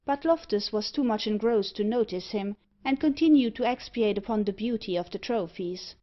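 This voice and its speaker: A woman narrating an audiobook of a classic novel in a steady, measured reading. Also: medium pitch. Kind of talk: scripted narration. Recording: slightly dull lo-fi recording.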